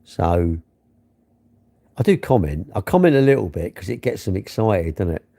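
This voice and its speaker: Middle-aged bloke, gravelly, very up-and-down delivery, chatting to a phone late at night. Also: male voice, low voice, big pitch swings, normal speed, mellow. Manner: chatty, self-mocking, grumbling. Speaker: livestream host. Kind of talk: rambling late-night livestream chat. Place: bedroom at night.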